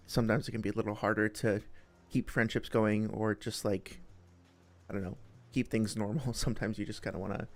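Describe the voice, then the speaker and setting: A young man hosting a live stream, chatting casually with viewers in a friendly, rambling way, full of fillers and restarts. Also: on the low side. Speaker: streamer host.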